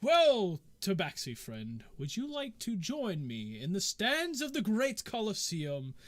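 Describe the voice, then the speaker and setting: A man voicing a fussy, pompous nobleman who stammers and is quick to outrage in a tabletop game. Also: high-pitched, wildly swooping pitch, fairly bright tone, dry recording, heavily acted. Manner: haughty, indignant, stammering.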